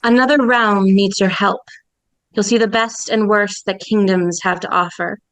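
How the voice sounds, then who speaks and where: A woman voicing a bodiless summoning voice from a magic circle in a tabletop game, asking slow, solemn questions. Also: mid-range voice, steady tone, no room sound, natural voice, rough recording.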